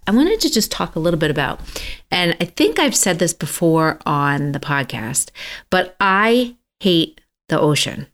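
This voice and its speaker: A middle-aged woman talks through a personal story on her podcast, in a relaxed, chatty way. Her voice sits a little low and sounds smooth and clear. She jumps up in pitch whenever she acts out what friends said to her. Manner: animated, acts out quoted voices. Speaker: podcast host. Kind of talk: casual storytelling monologue.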